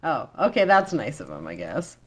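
Lively, playful woman player. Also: very deep voice, moderate pace, breathy edge. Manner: joking, playful. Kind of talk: casual tabletop play.

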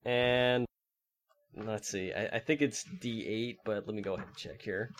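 A man running a tabletop game as game master, chatting casually and briskly moving things along. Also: on the low side, fairly even intonation.

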